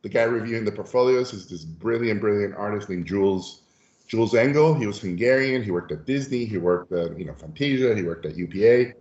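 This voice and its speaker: A man with a low voice tells stories as a podcast guest, lively and animated, slipping into the voices of the people he describes. The sound is roomy and dull, like a lo-fi recording. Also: fairly quick. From Mexico. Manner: lively storyteller who acts out voices. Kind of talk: animated anecdotal storytelling.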